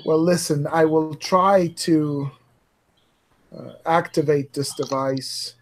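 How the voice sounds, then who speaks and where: A man playing a tabletop game over a video call, talking hesitantly with many pauses and fillers. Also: on the high side, fairly even intonation. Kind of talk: casual game chat.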